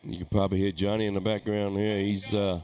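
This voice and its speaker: A man with a fairly low voice calls a live darts match in a relaxed, chatty way. He laughs easily and keeps the talk flowing between throws. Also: quick pace, faint music behind. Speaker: darts commentator. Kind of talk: live play-by-play commentary.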